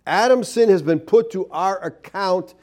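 A man's voice: high voice, unhurried, darkish tone. A man preaching a sermon, emphatic, with many rhetorical questions and scripture read aloud. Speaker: pastor.

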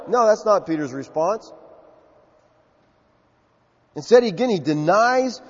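A Southern man delivers an emphatic sermon, jumping into character for the quotes he tells. His voice sits high and breathy. The sound is a little muffled and carries a long hall echo. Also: lively intonation, moderate pace, long pauses. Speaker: pastor.

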